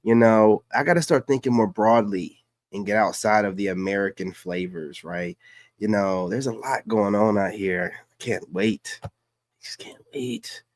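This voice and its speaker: A man's voice: lowish voice, normal speed, no room sound, studio quality. A man hosting a casual livestream, reacting to clips in slangy, hyped streamer talk. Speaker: livestream host.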